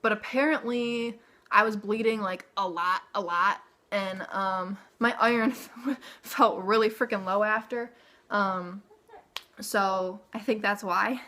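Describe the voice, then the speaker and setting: A woman's voice: mid-range voice, fairly even intonation, slow pace, pushed and bright. A young woman telling a personal story to camera in a chatty way, with lots of "like" and "okay?" asides. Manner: chatty, frequent "like" and "okay?" tag questions. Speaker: vlogger.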